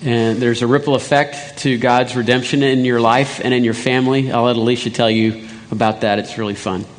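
A man's voice: medium pitch, fairly even intonation, a little fast. A man preaching as a pastor, reading scripture aloud and bringing others up to tell their stories. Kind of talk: sermon with testimony interview. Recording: long reverb of a church hall.

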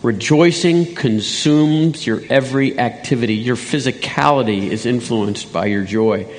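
A man's voice: mid-range voice, measured pace. Man preaching in a reverberant hall. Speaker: pastor. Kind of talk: sermon with testimony interview. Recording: long reverb of a church hall.

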